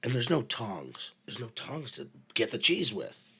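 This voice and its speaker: A middle-aged man telling backstage stories in a casual, animated way, swearing freely and using lots of fillers. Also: mid-range voice, unhurried, husky. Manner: animated, profane, full of fillers. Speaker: podcast guest, venue manager. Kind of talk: casual anecdotal storytelling.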